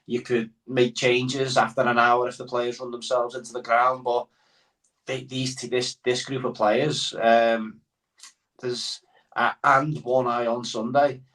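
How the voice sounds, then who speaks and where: A man's voice: medium pitch, level tone, a little slow, fairly bright tone. A man chatting as a guest on a football podcast, rambling with many fillers. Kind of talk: casual football podcast chat. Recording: voice somewhat far from the mic.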